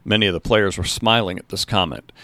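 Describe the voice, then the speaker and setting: A man's voice: low-pitched, quick pace, bright, forceful tone, no echo. A man narrating a story, reading steadily and now and then correcting a slip.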